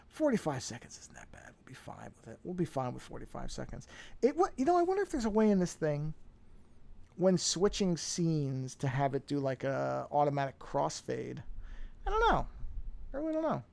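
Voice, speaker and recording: A man's voice: on the high side, vocal fry, darkish tone. A man chatting casually while drawing on a live stream, rambling and self-deprecating as he talks himself through his work on a podcasting microphone.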